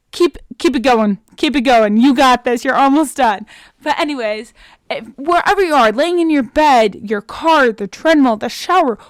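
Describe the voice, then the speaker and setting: A young woman in her twenties hosts a solo podcast, chatting earnestly and openly about her feelings. Her voice sits a little high and stays smooth and clear. The sound is dry and close, with no room echo. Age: young adult. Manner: chatty and earnest, many "like" fillers; openly emotional, self-motivating. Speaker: podcast host. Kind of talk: casual solo podcast monologue.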